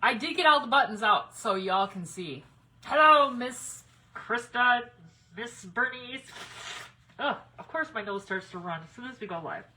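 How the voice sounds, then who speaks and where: Woman, middle-aged, chatty folksy craft-stream host, bright voice. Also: on the high side, animated, measured pace, slight background noise, poor audio. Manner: chatty, folksy, talks to viewers by name. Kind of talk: casual live-stream chat.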